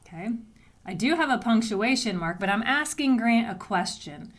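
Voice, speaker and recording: A woman's voice: a little high, expressive, moderate pace. A woman teacher giving a recorded writing lesson to young students, patiently explaining step by step and sounding out letters. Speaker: elementary school teacher.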